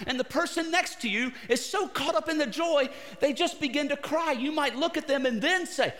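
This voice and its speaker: A male pastor preaching a sermon in short phrases, pausing often and putting questions to his listeners. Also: very high voice, fairly bright tone. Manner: broken into short phrases with pauses. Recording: long reverb of a large hall.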